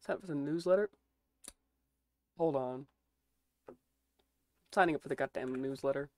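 Speaking at a moderate pace in a low voice, a young woman from the US streams casually, cursing without restraint and voicing her reactions while browsing.

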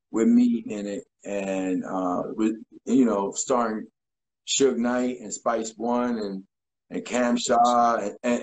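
A man in his forties, a guest in a casual interview, telling stories in an animated way and acting out quotes. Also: mid-range voice, poor audio. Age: 40s. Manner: animated, acts out voices and quotes.

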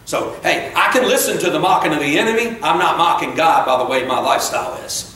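A man preaching a sermon in a church, fired up and conversational, breaking off into quick asides and correcting himself. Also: a little high, lively intonation, fairly bright tone. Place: church sanctuary. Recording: very echoey church room, voice from far off, faint noise.

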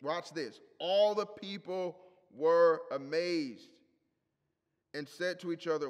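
A man preaches an emphatic sermon in a high voice, hammering home key phrases by repeating them. His voice rings out in a hall with a long, lingering reverb. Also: slow. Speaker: pastor.

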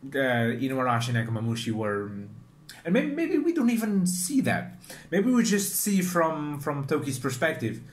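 Animated man in chatty commentary. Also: on the high side, moderate pace, a little hiss or hum. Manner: chatty, animated, restarts and self-corrections. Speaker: manga reaction video host. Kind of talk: casual commentary.

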